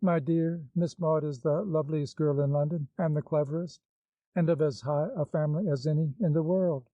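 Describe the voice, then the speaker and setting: A man's voice: a little high, steady tone, moderate pace, dry recording, natural voice. A man reading the part of an anxious, devoted older woman with a pleading, fretful manner, in a dull, dry recording.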